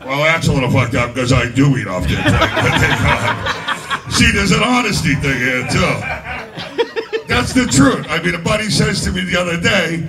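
A man's voice: high voice, very animated, moderate pace, loud music behind the voice. A man doing a stand-up comedy set, crude and self-mocking, swearing heavily. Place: comedy club stage. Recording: distant mic in noisy club.

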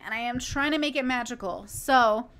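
A woman livestreaming casually, reacting to clips and chatting with viewers in an excitable, profane, rambling way. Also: a little high, moderate pace, clear, resonant tone. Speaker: streamer reacting to video clips.

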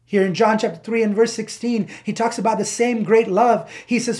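A man in his thirties preaching a sermon as a pastor, animated, slowing down to stress key words. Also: extremely high pitch. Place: church.

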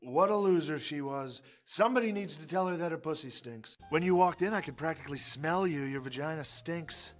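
A man's voice: on the high side, fairly quick, hardly any pauses, natural voice. A man playing a boastful, crude male president in a comedy sketch, rambling and insulting everyone around him.

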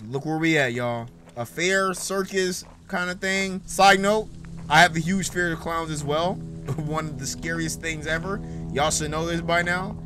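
A man's voice: a little high, a little slow, pushed and bright, faint music behind. A young man playing a horror game, slangy and chatty with his viewers, with sudden startled exclamations. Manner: slangy, talks straight to viewers, jumpy exclamations. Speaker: gaming YouTuber. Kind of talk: horror game playthrough commentary.

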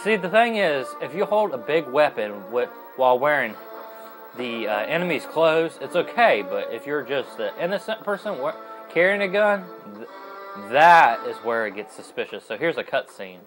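A man's voice: medium pitch, sing-song, normal speed, over music, low-quality recording. A young adult man giving casual, rambling let's-play commentary as a gaming host, with plenty of fillers and self-corrections.

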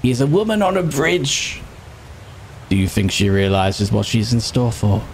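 A British man talking over a game he is playing, with a middling pitch and a faint hiss behind him. He is excitable and sarcastic and swears freely. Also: measured pace. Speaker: gaming streamer. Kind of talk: casual gameplay commentary.

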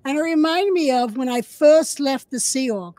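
High-pitched woman co-host, chatty storyteller, dry close sound. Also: expressive, moderate pace, dark tone, no echo. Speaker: podcast co-host. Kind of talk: casual storytelling chat.

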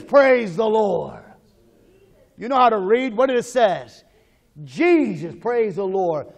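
A pastor with a high-pitched voice preaches a sermon, leading the congregation in call-and-response lines. He moves between quiet, murmured prayer and loud, urgent exhortation.

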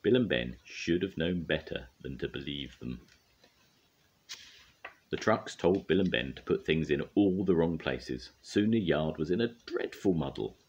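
Older man, grandfather, storybook reading, deep voice, husky, animated pitch. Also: unhurried, muffled recording. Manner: gentle, expressive reading with occasional slips.

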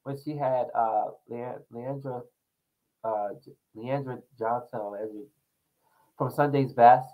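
A young talk show host delivers a casual commentary monologue on the news and his own stories, rambling with loose, animated energy and laughs while hopping between topics. His voice is an ordinary middle pitch, but he speaks slowly and pauses often. The audio quality is poor.

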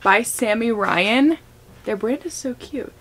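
A woman's voice: a little high, takes it slowly, background noise. A young woman vlogger chatting casually and gushing while she does makeup and unboxes packages at home. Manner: gushing, chatty, many fillers.

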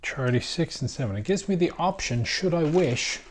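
A tired middle-aged man rambling casually in a deliberately quiet voice while he builds a model kit at home. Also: lively intonation, slight background noise. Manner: quiet, deliberately low volume.

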